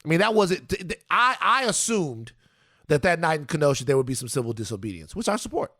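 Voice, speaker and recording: A male podcast co-host in casual conversation, talkative and playful. His pitch moves a lot as he talks, and the recording is dry, with no room sound. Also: sing-song, a little fast, bright, forceful tone, no room sound.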